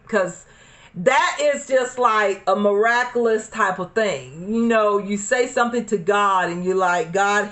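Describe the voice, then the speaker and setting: A woman's voice: mid-range voice, a bit bright. A woman from Alabama, chatting casually to viewers while doing her makeup, repeating herself and calling them y'all. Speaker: beauty vlogger. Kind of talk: casual get-ready-with-me chat. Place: home desk corner.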